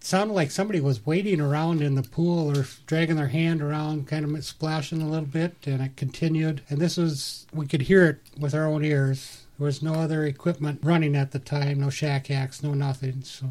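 A man, a paranormal investigator, quietly and matter-of-factly describing what his team heard. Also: a little high, fairly even intonation, moderate pace, few pauses. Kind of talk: radio talk recounting an investigation.

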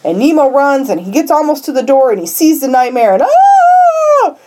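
A woman's voice: high voice, fast, a little hiss or hum. A woman co-hosting a podcast, animatedly recapping a movie plot in casual chat and laughing often. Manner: lively storyteller who jumps into characters' voices and laughs often. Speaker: podcast co-host.

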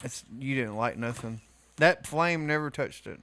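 A man's voice: medium pitch, normal speed, sharp tone, slight background noise. A man co-hosting a podcast in casual chat, teasing and wisecracking. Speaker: podcast co-host.

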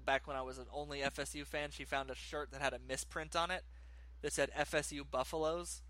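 A man co-hosting a podcast, chatting casually about sports with animated, ranting opinions. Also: on the high side, fairly quick, crowd noise. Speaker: podcast co-host.

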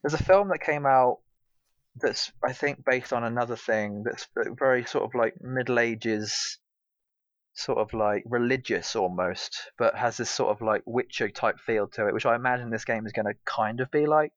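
A man's voice: mid-range voice, normal speed, no echo. Rambling man on a dull, dry mic. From Britain. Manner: rambling, lots of fillers. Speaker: podcast co-host. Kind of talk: casual chat.

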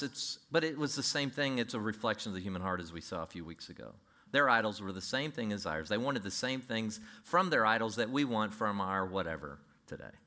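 A man preaching a sermon, animated, acting out imagined voices and quoting scripture. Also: medium pitch. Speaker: pastor.

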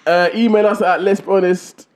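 A man's voice: sits high, fairly even intonation, fairly quick, heavy background noise. A young man hosting a podcast, rambling and loose with plenty of fillers. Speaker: podcast host. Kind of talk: casual chat.

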